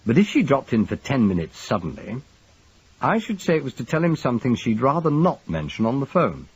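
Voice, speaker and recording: A man playing an urbane gentleman detective, dry and clipped as he reasons things out. The voice is husky and lively in pitch. The recording is dull and lo-fi. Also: fairly quick, full character voice. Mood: wry.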